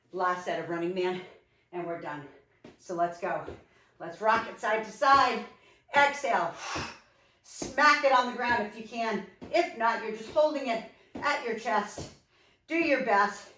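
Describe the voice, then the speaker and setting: A woman coaching a home workout, breathless yet upbeat as she counts down reps and cheers you on. She sounds a little distant from the microphone. The room around her is echoey. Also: mid-range voice. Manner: energetic, encouraging, counting down reps. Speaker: fitness instructor. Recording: echoey room, mic far off.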